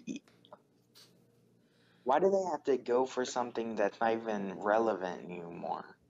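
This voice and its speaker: A man co-hosting a commentary video, talking hesitantly with many fillers and halting restarts. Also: low voice. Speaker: co-host. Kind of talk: casual commentary. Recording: slightly dull recording with faint noise.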